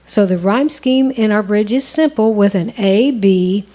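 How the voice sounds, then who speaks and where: A woman's voice: medium pitch, unhurried, dark tone. A woman co-hosting a songwriting lesson, explaining step by step in a conversational way. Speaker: songwriting co-host. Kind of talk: instructional conversation.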